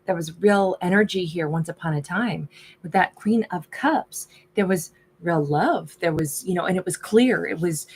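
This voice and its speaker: A woman's voice: mid-range voice, a little mellow, breathy edge. A woman giving a casual tarot reading, thinking aloud as she turns over each card. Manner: musing, thinks aloud while reading cards. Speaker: tarot reader.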